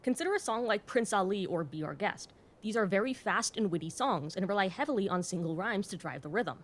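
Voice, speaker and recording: A woman reads a scripted educational video in a clear, explanatory voice. Her pitch sits right in the middle, and she drops in wry, joking asides. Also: expressive, brisk, slight background noise. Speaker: host.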